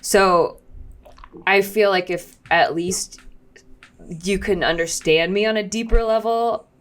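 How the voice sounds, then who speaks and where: A woman's voice: mid-range voice, fairly even intonation, slow. A young woman, a podcast co-host, talking casually and rambling with many "like"s, teary and emotional. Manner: rambling, heavy use of "like", laughs through tears. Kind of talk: casual chat.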